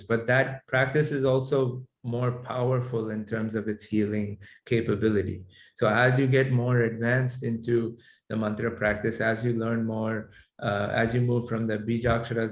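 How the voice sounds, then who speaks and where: A man teaching a class on mantra healing, explaining in a measured way with frequent fillers and restarts. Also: mid-range voice, a little mellow, slight background noise. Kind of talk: lecturing to a class. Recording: echoey room sound.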